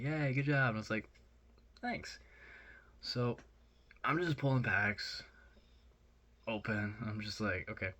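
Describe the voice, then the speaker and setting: A young man telling a rambling, excited story in a casual vlog, with lots of fillers. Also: on the low side, dull audio. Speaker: vlogger.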